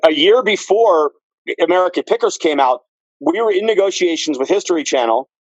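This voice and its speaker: A man guest on a podcast, telling stories in casual, profane, animated chat. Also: high-pitched, a little fast, no echo, lo-fi sound.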